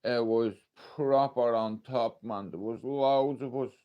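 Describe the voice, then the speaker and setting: A man's voice: mid-range voice, fairly even intonation, slow, clear, resonant tone, dull audio. A man with an Irish accent talking casually on a live stream, blunt and emotional, swearing often as he tells a story. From Ireland. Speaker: livestreamer.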